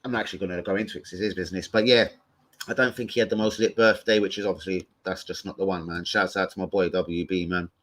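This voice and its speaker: A man hosting a football fan livestream, talking in an excitable, sweary, rambling way. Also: low voice, fast talker. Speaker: host of a football fan show. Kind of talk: casual livestream chat.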